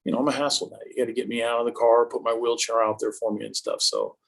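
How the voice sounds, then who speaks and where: A man's voice: medium pitch, little pitch movement, quick pace, gravelly, low-quality recording. A man in his fifties, a guest in a casual interview, telling stories about his life with a self-mocking, joking humor. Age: 50s. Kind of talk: casual conversation.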